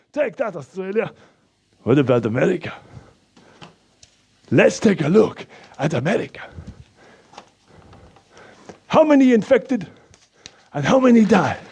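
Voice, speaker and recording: A man voicing an excitable, proud Slovak man with a Slovak accent who speaks broken English, gushes and panics easily. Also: high-pitched, gravelly, slightly rough, voice pushed up, full character voice.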